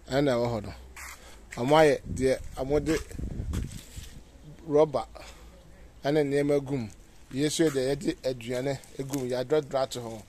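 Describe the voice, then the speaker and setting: A man's voice: medium pitch, darkish tone, slight background noise. A Ghanaian man giving a casual outdoor walking tour as a vlogger, pointing things out as he walks. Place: outdoors on city streets.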